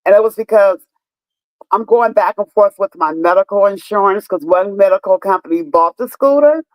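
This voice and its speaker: A woman's voice: mid-range voice, moderate pace, a little mellow, dry recording, low-quality recording. A woman in her fifties chatting casually on a live stream, telling stories emphatically with lots of swearing and talking straight to her viewers. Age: 50s. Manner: profane, emphatic storytelling, talks to viewers.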